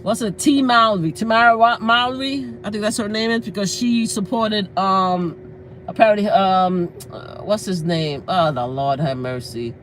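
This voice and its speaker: A woman's voice: medium pitch, moderate pace, a little hiss or hum, rough recording. Outspoken woman on a casual livestream. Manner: outspoken and animated, swears freely; breaks into laughter while storytelling. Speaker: livestream host. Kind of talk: casual live-stream talk.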